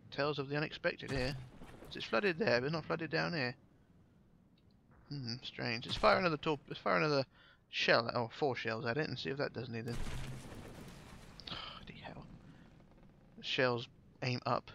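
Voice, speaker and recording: A man's voice: mid-range voice, moderate pace, gravelly, bright, forceful tone, a little hiss or hum. A man giving casual, chatty commentary while playing a game, swearing now and then and thinking aloud. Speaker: gameplay commentator.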